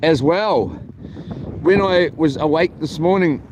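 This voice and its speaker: New man, slightly high voice, rambling casual story, faint outdoor noise. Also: takes it slowly. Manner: chatty, meandering, frequent ums and restarts. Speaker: vlogger. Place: camping, near a boat on water.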